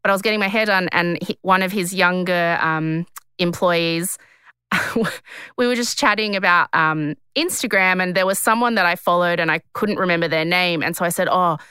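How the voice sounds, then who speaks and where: Australian woman, 30s, chatty podcast host; fairly low voice, bright and crisp. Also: normal speed, dry recording. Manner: chatty, rambling, lots of filler words. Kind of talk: casual storytelling chat.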